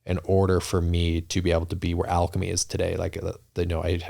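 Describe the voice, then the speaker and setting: A man's voice: deep voice, monotone, fast talker, gravelly, mellow. A man talking as a podcast guest in casual interview chat, earnest and reflective, often restarting his sentences. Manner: earnest, reflective, many restarts and "you know".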